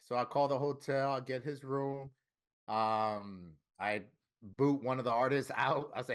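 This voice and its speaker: A middle-aged man from Florida, a tattoo artist interviewed about his life, telling his story candidly with plenty of swearing and lively quoted dialogue. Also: medium pitch, measured pace, clear, resonant tone. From Florida, USA.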